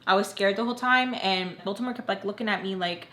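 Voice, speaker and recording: A woman's voice: mid-range voice, quick pace, bright, forceful tone. A young woman vlogger telling a personal storytime in a casual, chatty way, often saying "like". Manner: chatty, fills talk with "like". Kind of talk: storytime narration. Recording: roomy echo, faint hiss.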